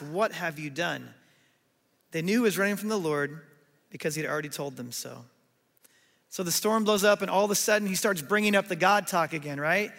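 High-voiced gravelly pastor preaching in a hall. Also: male voice. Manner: animated storytelling, acting out quoted voices. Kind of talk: sermon.

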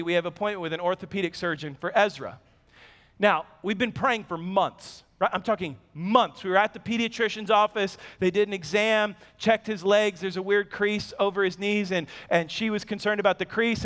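A man in his thirties delivers a sermon in a notably high voice, telling stories from his own life with lively, self-deprecating humor. His voice rings out with the long reverb of a large church sanctuary. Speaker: pastor.

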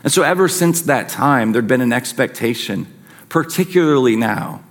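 A man's voice: medium pitch, animated, moderate pace. A man preaching a sermon as a pastor, earnest and emphatic, his intensity rising and falling.

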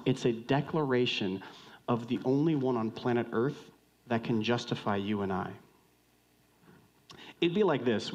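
A male pastor giving a sermon with a middle-pitched voice. He talks in a loose, joking way, rising to loud bursts and then dropping to hushed lines. He keeps turning to the congregation with direct questions. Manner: conversational, joking preaching that swings between loud and hushed.

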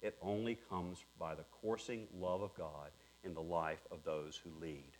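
A man preaching a sermon earnestly, dropping to hushed tones and rising to emphatic peaks. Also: low-pitched, fairly even intonation, unhurried. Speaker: pastor.

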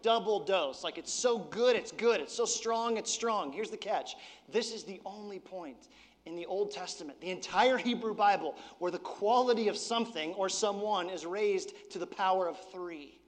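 A man with a high-pitched voice delivers a sermon in a church, in a loose, chatty preaching style. He drops his voice low and quiet for emphasis. The sound carries a long, ringing hall reverb. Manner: conversational preaching, drops to soft intensity. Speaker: pastor.

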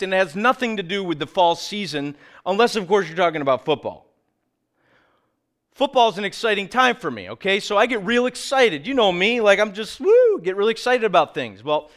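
A middle-aged man preaching a sermon as pastor, earnest, sometimes dropping low and quiet for emphasis, sometimes telling lively stories. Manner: animated storytelling with acted quotes.

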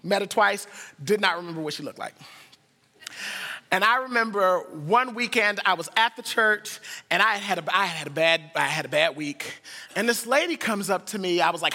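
A man from the United States preaching a sermon as a pastor, telling stories and swinging from hushed to excited. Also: on the high side, fairly quick, in a large hall.

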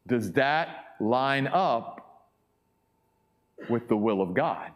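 A man's voice: medium pitch, animated, drawn-out words. A man preaching a sermon as pastor, emphatic and repeating his key points for weight.

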